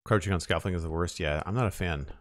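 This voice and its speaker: Playing a survival game on stream, a low-voiced man talks quickly, muttering his thoughts, trailing off with "uh," and glancing at chat now and then in casual gameplay commentary.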